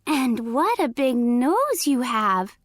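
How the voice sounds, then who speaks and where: A woman voicing a spirited young girl in a storybook read-aloud, sweet with a sharp edge. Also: sits high, sing-song, takes it slowly, no echo, studio quality, exaggerated voice. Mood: sweetly pointed. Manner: sweetly pointed. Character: spirited young girl, fierce about her granny.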